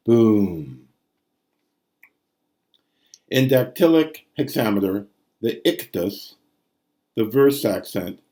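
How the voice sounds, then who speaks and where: Guy teaching greek meter, slow and low-ish, says the da da beats out loud. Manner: methodical, sounds out syllables and rhythms aloud. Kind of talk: recorded language lesson.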